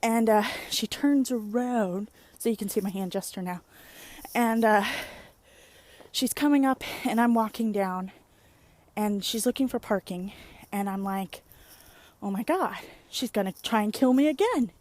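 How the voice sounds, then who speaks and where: Young woman, casual vlogger, rambling and chatty. Animated storyteller, recorded close on a phone. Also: medium pitch, measured pace. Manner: rambling, animated storytelling with many "like"s and playful exclamations. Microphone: phone or webcam at arm's length.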